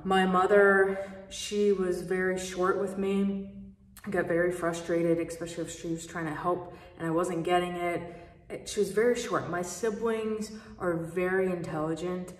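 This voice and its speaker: A young woman who moved to America as a child tells a candid personal story in a loose, conversational way, restarting her sentences often. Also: fairly low pitch. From from abroad, moved to America as a child. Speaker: speaker sharing a personal story. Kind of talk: reflective personal talk. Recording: echoey room, voice from a distance.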